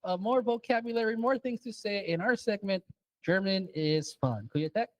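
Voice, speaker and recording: A man hosting a radio show, talking in a relaxed, chatty way. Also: high voice, normal speed, no echo, dull audio. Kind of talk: casual chat.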